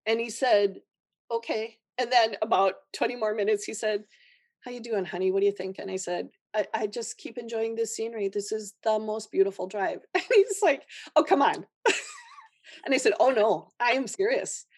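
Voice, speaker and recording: A woman's voice: medium pitch, moderate pace, no room sound, clean studio sound. A woman nurse telling a personal story in a podcast chat, laughing often and acting out the people she quotes. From Minnesota, USA. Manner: animated storyteller who laughs often and acts out quoted voices. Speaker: guest, holistic nurse.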